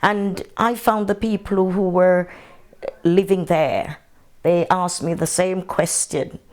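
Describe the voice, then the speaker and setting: An older woman from Jamaica with a Jamaican accent, telling her memories in an unhurried, matter-of-fact way during an oral history interview. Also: fairly low pitch, steady tone, darkish tone.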